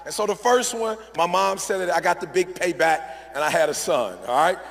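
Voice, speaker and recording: A man's voice: sits high, a little fast, creaky, a bit bright. A man giving a motivational speech to a live audience in an event hall, emphatic and repetitive, often checking in with the crowd. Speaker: motivational speaker. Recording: echoey large hall.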